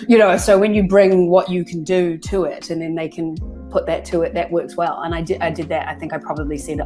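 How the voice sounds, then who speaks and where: A woman's voice: on the low side, fairly even intonation, a little fast, hardly any pauses, warm tone, faint music behind. A woman, chatting as a guest voice actress on a video-call interview, laughing often.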